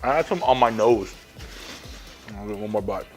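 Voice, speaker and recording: A man's voice: lowish voice, animated, normal speed, music in the background. A man hosting his own cooking channel, chatting enthusiastically as he talks viewers through each step. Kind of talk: casual cooking vlog.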